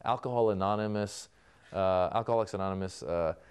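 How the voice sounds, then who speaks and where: A comedian appearing as a guest answers interview questions by telling stories and acting out old exchanges with people. His voice is on the lower side, smooth and resonant, and he speaks a little fast.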